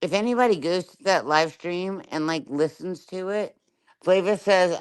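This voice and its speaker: Middle-aged woman streamer, clear voice, furious and foul-mouthed, hammers every point with "right?". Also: on the low side, normal speed. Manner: profane, confrontational, keeps asking "right?". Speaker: livestreamer. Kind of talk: angry live-stream rant.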